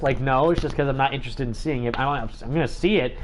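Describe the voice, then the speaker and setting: A man's voice: medium pitch, fast, slight background noise. A man hosting a gaming livestream, talking in a chatty, rambling way with lots of fillers. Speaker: livestream host.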